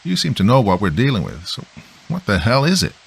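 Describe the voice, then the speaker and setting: Jumpy, blunt young guy in an audio horror story, pitched up high, played by a man narrator. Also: big pitch swings, fairly quick, gravelly, husky, full character voice. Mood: anxious.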